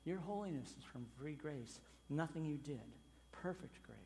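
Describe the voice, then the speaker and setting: A man preaching a sermon as pastor, emphatic, with loud stressed phrases and sudden quiet drops. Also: on the high side, normal speed, big-room sound, a little hiss or hum.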